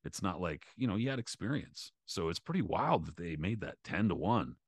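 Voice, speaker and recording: A man's voice: deep voice, big pitch swings, normal speed, husky, dry recording, clean studio sound. A man co-hosting a boxing podcast, talking loosely with lots of swearing and filler words. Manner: loose, profane, many fillers. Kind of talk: casual chat.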